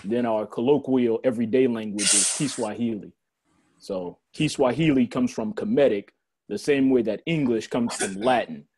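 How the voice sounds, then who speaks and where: Mellow-voiced man explaining calmly. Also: mid-range voice, moderate pace, a little hiss or hum. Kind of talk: explaining language in an online class. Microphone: video call.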